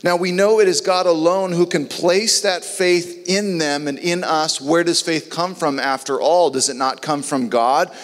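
An earnest male preacher delivers a sermon in a somewhat high voice. His words ring with a long reverb, as if spoken in a large hall. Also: measured pace, few pauses. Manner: earnest, acts out biblical dialogue in voices.

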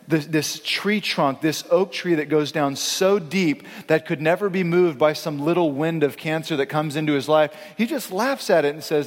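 Higher-pitched man preaching in an echoing hall. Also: normal speed, few pauses. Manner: conversational, emphatic preaching with dramatic quoted voices. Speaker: pastor. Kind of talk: sermon.

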